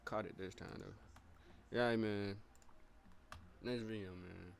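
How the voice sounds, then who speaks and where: A man streaming live, giving casual, slangy reaction commentary that repeats short phrases and breaks into loud bursts of surprise. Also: on the low side, fairly even intonation, takes it slowly, creaky.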